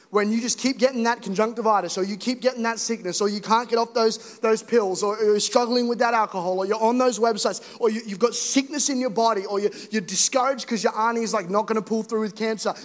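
High-voiced young preacher in an echoey hall. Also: male voice. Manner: animated, joking, rising to emphatic exhortation. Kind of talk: energetic sermon. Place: church hall.

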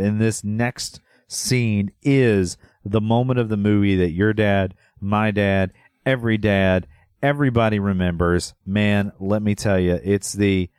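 A man with a lowish voice, co-hosting a relaxed podcast. He rambles and teases in a playful, easygoing way. The recording is dry and close. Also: clean tone, no room sound. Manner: laid-back, rambling, playful teasing. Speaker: podcast co-host. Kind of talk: casual chat.

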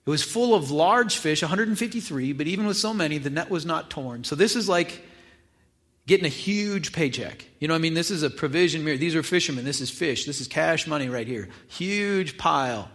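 A man's voice: on the high side, lively intonation, brisk, a bit bright. A man preaching a sermon, retelling a scripture reading in a casual, conversational way with acted asides. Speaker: pastor.

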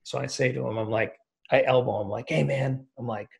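A man's voice: medium pitch, steady tone, brisk, gravelly. A man on a podcast telling a long, rambling, profane story in casual talk. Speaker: podcast guest.

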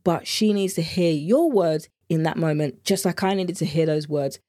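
A woman's voice: low voice, moderate pace, dark tone, no echo, clean studio sound. A British woman hosting her own podcast as a meal planning coach, talking in an earnest, heartfelt, chatty way. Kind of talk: solo podcast talk.

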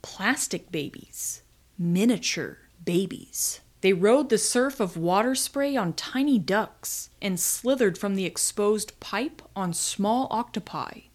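A woman host reading her own scripted story aloud, with dry comic timing and dramatic pauses. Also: medium pitch. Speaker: podcast host and story writer.

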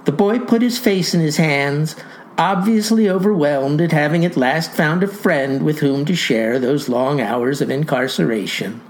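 A woman's voice: low-pitched, unhurried, darkish tone, low-quality recording. A woman voicing a folksy old male farmer who tells a comic first-person story in ornate, pompous words with a folksy drawl.

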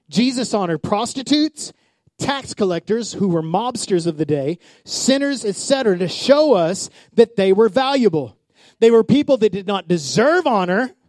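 A male pastor, around his forties, preaches in a lively storytelling way, voicing the people in his anecdotes and calling on the congregation to answer back. His voice sits high for a man. The sound is dry, with almost no room echo. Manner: storytelling with acted-out quotes, call-and-response. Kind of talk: sermon.

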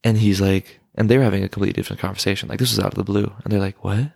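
A man's voice: deep voice, little pitch movement, rapid-fire, vocal fry, darkish tone, no room sound, clean studio sound. A young man in casual podcast chat with his mother, rambling with lots of fillers. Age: young adult. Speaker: guest, son of host.

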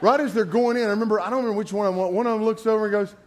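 A man's voice: high voice, very fast, a little hiss or hum. A man preaching a sermon, telling folksy personal stories with frequent laughter. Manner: animated storyteller, laughs often, folksy asides.

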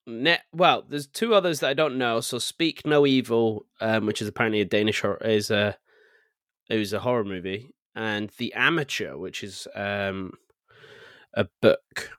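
An easygoing man co-hosting a podcast in casual chat, reading film news out loud and chatting about it. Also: lowish voice, moderate pace, no echo, clean studio sound. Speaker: podcast co-host.

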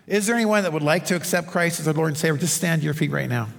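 A male pastor delivers a conversational sermon in a church sanctuary under stage lights, sprinkling stories and asides for the congregation. His voice is on the high side with vocal fry, and he speaks very fast. Long hall reverb fills the recording.

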